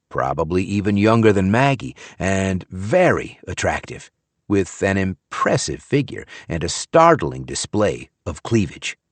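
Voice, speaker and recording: Deep, expressive male audiobook narrator. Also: dry recording. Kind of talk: first-person audiobook narration.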